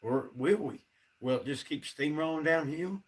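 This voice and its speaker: A man's voice: a little high, animated, moderate pace, recorded from a distance. Frustrated man ranting on a livestream. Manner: frustrated, ranting, talks straight to viewers. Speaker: livestream host. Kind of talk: casual livestream rant.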